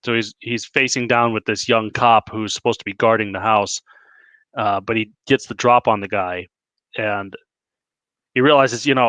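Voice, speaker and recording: Podcast guest, man, lowish pitch, bright forceful tone, long plot-recounting turns. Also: fairly even intonation, moderate pace, no echo. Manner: talks in long, plot-recounting stretches with fillers. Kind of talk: casual movie review chat.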